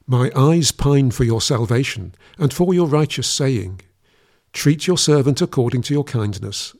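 A man reads scripture solemnly, his recitation measured and even. Each time he addresses the Lord, his voice drops lower.

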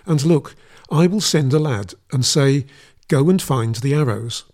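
Man, mid-pitched voice, scripture reading, steady measured delivery. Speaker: scripture reader.

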